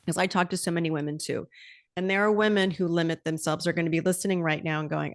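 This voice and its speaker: A woman's voice: fairly low pitch, fairly even intonation, fast, dry recording, studio quality. A middle-aged woman hosting a podcast, talking candidly and with animation, swearing freely in casual conversation. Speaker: podcast host.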